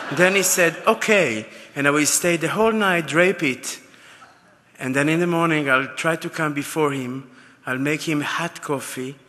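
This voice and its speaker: Guy giving an award speech, warm heartfelt stories, bright tense voice, big reverby hall. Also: mid-range voice. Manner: heartfelt, anecdotal storytelling. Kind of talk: acceptance speech. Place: large gala ballroom.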